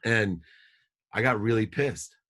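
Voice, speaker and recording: Guy in his 50s on a podcast, kinda low voice, tells his life story quick and punchy, says stuff twice. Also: fairly bright tone. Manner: fast, emphatic, repeats phrases for effect. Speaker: podcast guest. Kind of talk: personal storytelling in an interview.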